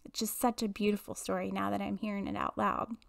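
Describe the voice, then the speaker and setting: A woman in her forties tells a personal story in a relaxed, chatty monologue. Her voice has a gravelly, creaky edge at a middle pitch. She talks candidly and laughs now and then. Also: a little fast. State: emotional. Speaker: podcast host and intuitive medium.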